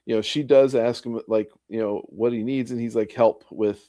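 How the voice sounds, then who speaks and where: A man's voice: mid-range voice, steady tone, brisk, warm tone. A man in a casual book discussion, recapping with many fillers and restarts. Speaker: podcast co-host.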